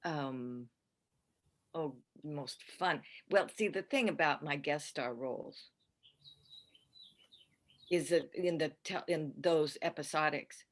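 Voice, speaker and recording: An older actress, a guest on a podcast, chatting casually and rambling warmly through her stories with restarts and easy laughter. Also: low-pitched, slow pace, long pauses. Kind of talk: casual podcast interview chat.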